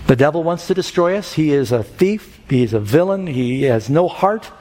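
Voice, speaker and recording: A male preacher giving an evangelistic sermon, drawing out scripture slowly and climbing into high, loud bursts during dramatic stories. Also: expressive. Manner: slows down sharply for scripture and emphasis. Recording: long hall reverb with faint music.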